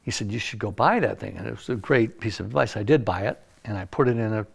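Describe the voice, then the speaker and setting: An older man with a gravelly, creaky voice spins a long anecdote in a relaxed interview. He is a music producer speaking in a studio, animated and acting out the people he quotes. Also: lowish voice, quick pace. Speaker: music producer telling stories. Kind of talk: casual interview storytelling. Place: recording studio.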